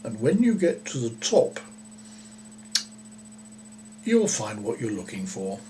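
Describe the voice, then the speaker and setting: A man's voice: mid-range voice, big pitch swings, slow pace, dark tone, a little hiss or hum. A man voicing a chatty, kindly female talking cow in a storybook reading, friendly and a little rambling. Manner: friendly, rambling, talks with mouth full. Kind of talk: storybook character voice.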